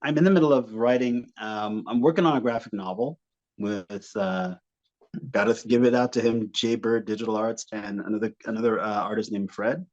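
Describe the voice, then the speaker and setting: Animated storytelling male comedian. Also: on the low side, normal speed, muffled recording. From Canada. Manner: animated storyteller, acts out family members in voices. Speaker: comedian guest. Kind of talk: casual podcast interview.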